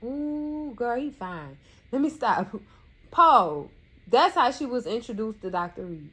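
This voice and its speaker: Sassy high-voiced woman recapping TV. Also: unhurried, slightly rough. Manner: sassy, animated, scolding asides; colloquial, addresses viewers as cousins. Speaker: recap commentator. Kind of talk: casual TV recap commentary.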